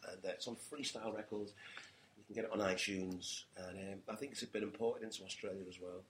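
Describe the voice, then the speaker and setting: A man's voice: on the low side, steady tone, fairly quick, fairly bright tone, slight background noise. A man being interviewed as a guest, upbeat as he plugs his work. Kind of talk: casual interview.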